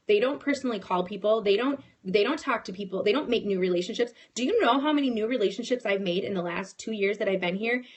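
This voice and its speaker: A woman's voice: mid-range voice, breathy edge. A woman in her thirties giving a casual motivational talk to her sales team, telling a personal story with lots of restarts. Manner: animated, storytelling, frequent restarts. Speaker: network marketing team leader.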